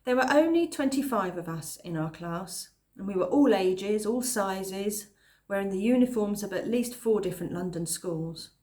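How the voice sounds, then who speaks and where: A woman reading a children's novel aloud at a calm pace, pausing now and then to explain a phrase. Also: medium pitch. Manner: calm, pauses to explain words. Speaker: reader.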